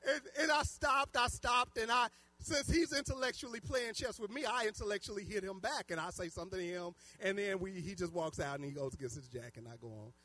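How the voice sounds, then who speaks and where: A man preaching a sermon, telling stories animatedly and swinging from loud outbursts to hushed asides. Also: sits high, a little fast, hardly any pauses, dry recording. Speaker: pastor. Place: church.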